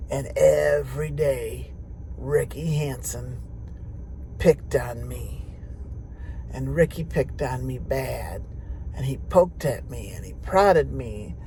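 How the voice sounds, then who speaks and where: A woman's voice: deep voice, mellow, slight background noise. An older woman telling a personal story in a folksy, chatty way, speaking directly to her viewers from inside a car.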